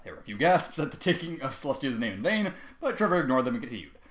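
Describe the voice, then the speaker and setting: A man reading a fan fiction story aloud with expressive, dramatic delivery. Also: medium pitch, quick pace, reverberant.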